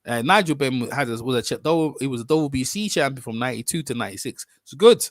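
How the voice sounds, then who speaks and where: A mid-range, expressive male voice comes through a dry recording as the man talks fast. He hosts a casual boxing live stream, rambling on, chatting with viewers and correcting himself.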